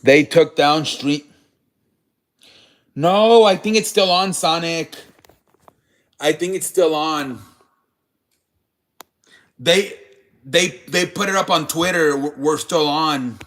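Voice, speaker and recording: A man's voice: on the high side, slow, pauses often, a bit bright. A man hosting a live sports stream, chatting casually with viewers in a rambling, profane way.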